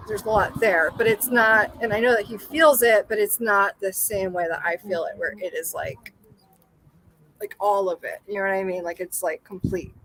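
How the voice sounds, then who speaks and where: A young woman telling a personal story in casual chat, rambling with lots of fillers and animated self-quoting. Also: medium pitch, slight background noise, poor audio. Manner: rambling, full of likes and you-knows, animated quoting. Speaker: podcast guest.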